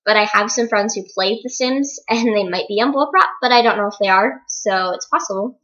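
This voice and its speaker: A woman from Washington State doing a casual accent-challenge video, reading word lists and answering questions unhurriedly with many "um" pauses. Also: medium pitch, fairly bright tone, highs cut off. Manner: plain, unhurried, with frequent "um" pauses. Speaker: vlogger.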